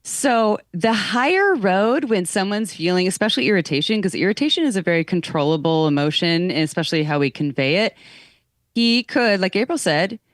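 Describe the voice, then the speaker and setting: A woman guest, a sex educator, calmly explaining her view in a casual chat. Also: on the low side, a little fast, no room sound, studio quality.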